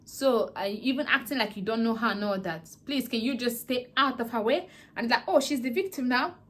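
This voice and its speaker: A woman's voice: on the high side, a little fast, a bit bright. A woman vlogger casually recapping a drama series, animatedly acting out the characters' lines. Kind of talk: casual chatty plot recap.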